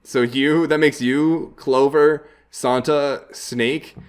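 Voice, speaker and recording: A man hosts a let's play, reading the game text aloud and dropping in casual, chuckling asides between the lines. His medium-pitched voice is clear and resonant, slow, with a steady tone.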